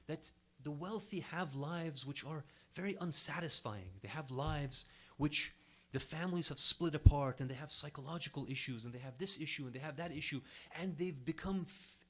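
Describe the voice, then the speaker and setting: A young man giving a sermon to a congregation in an earnest, emphatic way, his voice rising and dropping sharply to stress each point. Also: on the high side. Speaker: speaker at an Islamic center.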